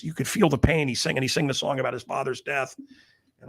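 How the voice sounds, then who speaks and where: A man's voice: mid-range voice, fairly even intonation, fast talker, gravelly, fairly bright tone, breathy edge. Blunt, rambling middle-aged man. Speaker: radio host. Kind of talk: casual storytelling monologue.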